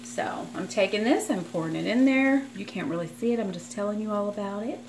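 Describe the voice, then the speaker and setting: Woman home cook vlogger, mid-pitched, casual and rambling, recorded over kitchen noise. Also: brisk. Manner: chatty, rambling, apologetic asides. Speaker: cooking vlogger. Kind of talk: casual cooking demonstration. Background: frying and sizzling in a skillet.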